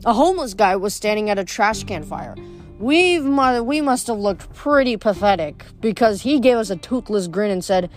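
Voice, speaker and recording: A woman's voice: mid-range voice, expressive, moderate pace, faint music behind. A woman reading a novel aloud in a plain voice, with small stumbles and self-corrections. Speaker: audiobook reader.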